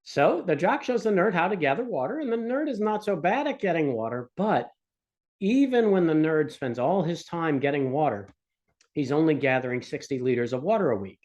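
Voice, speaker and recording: A man's voice: on the high side, big pitch swings, normal speed, a little mellow, highs cut off. A man teaching economics in a recorded lecture, explaining with a casual, joking storytelling manner. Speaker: economics instructor.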